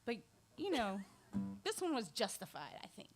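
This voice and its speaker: A woman's voice: a little high, wildly swooping pitch, moderate pace, over music. A woman singer-songwriter chatting between songs at a small live venue, giggly and rambling. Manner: giggly, rambling, self-deprecating. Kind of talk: chatty song introduction on stage.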